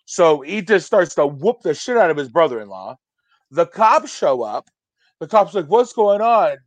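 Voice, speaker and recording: A man in his forties tells a profane, animated story, jumping into the voices of the people in it. His voice sits high for a man. The sound is dry and close to the mic. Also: normal speed, no echo. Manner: profane, animated, acts out quotes. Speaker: storyteller guest. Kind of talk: casual podcast storytelling.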